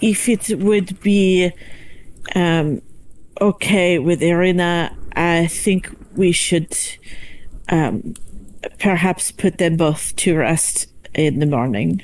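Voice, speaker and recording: A woman voicing a gentle, devout warrior who speaks hesitantly and reverently. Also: fairly low pitch, slow, poor audio. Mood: solemn.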